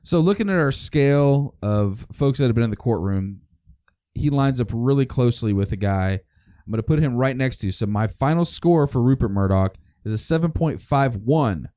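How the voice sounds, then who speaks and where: A man's voice: mid-range voice, expressive, normal speed, dark tone, no room sound, studio quality. A man in his forties co-hosting a podcast, talking in an easygoing, rambling way with lots of fillers. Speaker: podcast co-host. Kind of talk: casual podcast chat.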